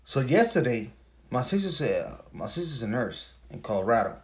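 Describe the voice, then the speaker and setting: This podcast host speaks at a normal speed with a medium pitch and a sing-song lilt. He spins a story as an offhand, cursing, emphatic rant, peppered with rhetorical questions.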